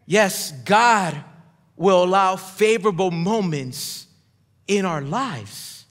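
A male pastor preaching a sermon, emphatic, swinging between shouts and hushed drops, and leading the congregation in call-and-response. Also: high voice, animated, takes it slowly. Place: church sanctuary. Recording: long hall reverb.

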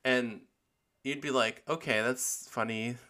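A man's voice: fairly low pitch, a little slow, creaky, pushed and bright. A young man hosting his own podcast, chatting candidly with lots of fillers and giggles. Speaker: podcast host. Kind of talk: casual solo podcast chat.

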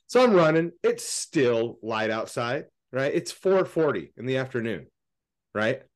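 A man co-hosting a podcast, chatting casually and telling stories, swearing freely and loudly acting out quoted lines. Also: mid-range voice, big pitch swings, measured pace. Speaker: podcast co-host. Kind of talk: casual chat, storytelling.

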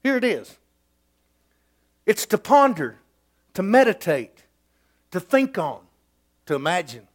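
Middle-aged preacher, high lively voice, emphatic folksy sermon delivery. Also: male voice, slow pace, pauses often.

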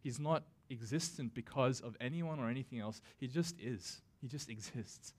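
A man's voice: mid-range voice, a little mellow. Conversational man preaching a sermon. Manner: casual and conversational, with self-deprecating asides; acts out scripture quotes with slow, dramatic emphasis. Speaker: pastor.

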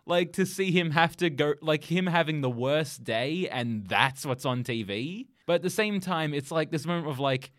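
A man's voice: fairly high pitch, normal speed, few pauses, a bit bright, dry recording, clean studio sound. A young man co-hosting a podcast, chatting casually about a movie, laughing often as he tells the story. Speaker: podcast co-host. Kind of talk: casual film review chat.

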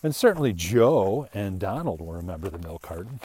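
An older man with a lowish voice giving a loose, rambling commentary monologue. He chuckles between points and often slips into mocking voices. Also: very animated, fairly quick, few pauses, mellow, breathy edge. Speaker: political commentator. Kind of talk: casual monologue.

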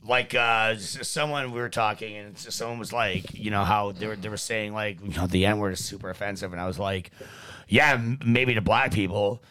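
A man's voice: fairly low pitch, steady tone, moderate pace, bright, forceful tone, slight background noise. A man co-hosting a casual podcast, talking crudely, swearing a lot and acting out quotes in funny voices. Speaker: podcast co-host.

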